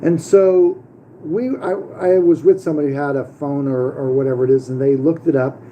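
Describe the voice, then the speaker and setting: A man's voice: on the high side, fairly even intonation, moderate pace, mellow, slight background noise, poor audio. A middle-aged man talking casually to camera as the host of his own channel, rambling with many fillers and restarts. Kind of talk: casual vlog monologue.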